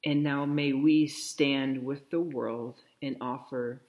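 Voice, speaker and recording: A man preaching a sermon in a slow, reflective way, softly repeating a blessing. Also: medium pitch, steady tone. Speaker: pastor.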